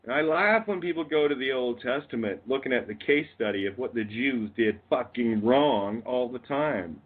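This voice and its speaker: A Canadian-accented man calls in as a guest on a radio show, launching into a rambling, profane rant punctuated by bursts of laughter. His medium-pitched voice is animated, at normal speed with a breathy edge, carried over tinny phone-line audio.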